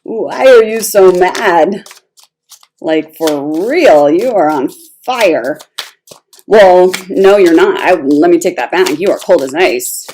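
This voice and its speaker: A woman giving a casual, expressive tarot reading, talking straight to the viewer with emphatic asides. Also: lowish voice, takes it slowly, slight background noise. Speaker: tarot reader.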